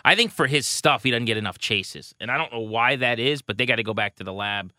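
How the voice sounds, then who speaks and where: A man co-hosting a baseball podcast, casually rattling off pitching stats with a wry edge. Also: fairly quick, pushed and bright, dry recording, studio quality. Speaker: podcast co-host. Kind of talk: casual sports talk.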